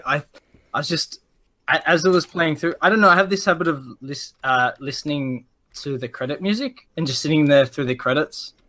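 A man's voice: on the high side, sharp tone. A man chatting casually about video games, rambling with many restarts and fillers. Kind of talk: casual gaming chat.

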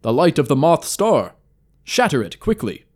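A man's voice: on the high side, sing-song, moderate pace, darkish tone, voice pushed up. A man voicing a formal, earnest male elf scout in a fantasy storybook reading. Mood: solemn, urgent.

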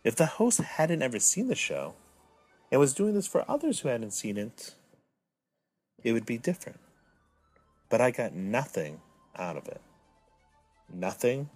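A man in his thirties talks alone into the mic as host of his own podcast, with a mid-range voice. He plays up his feelings for comic effect, dropping low and sulky, then climbing high and loud in mock outrage. Faint music plays beneath him. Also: big pitch swings, moderate pace, pauses often, slightly rough. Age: 30s. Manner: mock-dramatic, swinging from self-pitying to indignant. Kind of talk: solo podcast monologue.

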